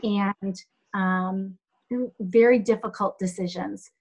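Thoughtful woman pausing often with fillers. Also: medium pitch, fairly even intonation, breathy edge, poor audio. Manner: thoughtful, halting with many fillers. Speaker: health center executive. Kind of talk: interview answers.

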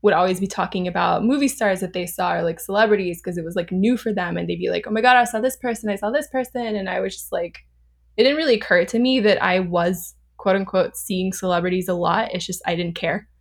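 A woman in her thirties from Southern California, a podcast guest telling a story in a chatty, animated way, laughing often and full of fillers. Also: fairly low pitch, fairly quick, creaky. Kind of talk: casual storytelling.

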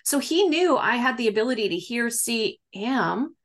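A woman's voice: on the high side, animated, moderate pace. A woman as an interview guest, chatting casually and telling her story with lots of fillers, acting out what people said. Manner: chatty, acts out quoted dialogue, many fillers. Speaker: guest medium.

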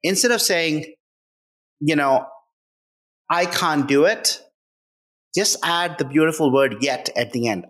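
A man's voice: on the high side, expressive, takes it slowly, long pauses, fairly bright tone. A man speaking as a guest author in a conversational interview, earnest and emphatic, often checking in with "right?".

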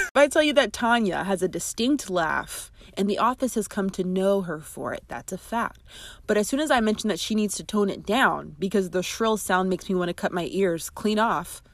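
A woman's voice: mid-range voice, no echo. A woman hosting an advice podcast as a friendship coach, talking in a chatty, emphatic way with asides. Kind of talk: scripted podcast narration and advice.

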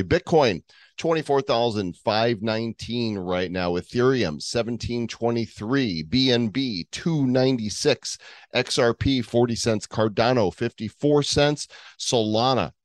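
A man co-hosting a casual crypto podcast, jokey and animated, reading out market prices. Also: mid-range voice, measured pace, no room sound. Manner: jokey, animated, fake Russian accent for a bit. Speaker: podcast co-host.

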